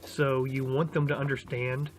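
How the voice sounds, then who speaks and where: A man dog trainer on a noisy outdoor recording, talking through a puppy training session in a relaxed, explanatory way. His pitch is mid-range, and he fills his talk with ums and restarts. A puppy barks over and over behind him. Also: normal speed. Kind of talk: casual instructional talk. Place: outdoors on a rainy day during a training session. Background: a puppy barking repeatedly.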